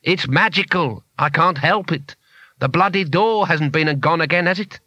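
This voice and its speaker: A man's voice: fairly high pitch, moderate pace, pushed and bright, no echo, voice pushed up. A man voicing a very small, grumpy male shopkeeper who talks nastily and grudgingly in a storybook reading. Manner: nasty, grudging, defensive.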